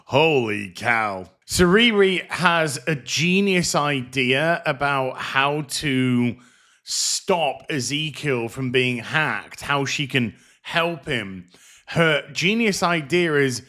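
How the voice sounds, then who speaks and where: A man's voice: medium pitch, lively intonation, slow, sharp tone. A man giving a sarcastic, exasperated and profane review of a TV show. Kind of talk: ranting commentary review.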